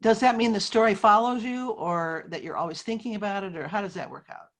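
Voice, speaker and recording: A woman interviewing an author at a press club event. She reads out a quote and asks her questions in a measured way. Her voice is husky and medium-pitched.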